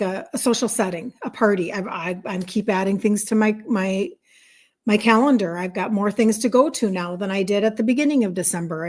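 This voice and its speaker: Speaking in a mid-range voice, a middle-aged health coach leads a casual livestream with upbeat energy. She greets those watching and voices their comments aloud.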